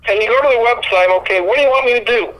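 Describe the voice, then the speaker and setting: A man's voice: extremely high pitch, rapid-fire, a bit bright, rough recording. A man co-hosting a casual podcast, ranting bluntly with frequent swearing. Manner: blunt, profane, exasperated ranting. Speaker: podcast co-host. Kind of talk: casual sports podcast chat.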